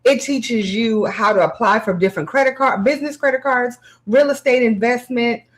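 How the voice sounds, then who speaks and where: A woman co-hosting a casual chat, teasing her co-host bluntly and pitching a product like a salesperson. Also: moderate pace.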